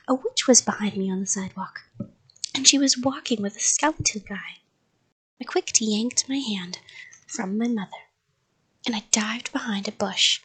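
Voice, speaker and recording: A woman reading a children's story aloud in a soft, half-whispered bedtime voice. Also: mid-range voice, normal speed, breathy edge.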